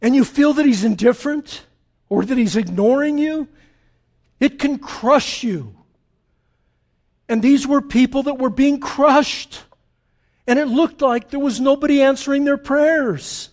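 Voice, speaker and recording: A man preaching a sermon as pastor, impassioned, rising to urgent peaks and dropping to hushed passages. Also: extremely high pitch, unhurried, long pauses.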